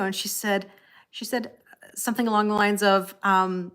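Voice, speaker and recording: A woman's voice: medium pitch, little pitch movement, moderate pace, fairly bright tone, smooth. A woman reading tarot on a casual live stream, chatting with viewers by name and laughing often. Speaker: tarot reader.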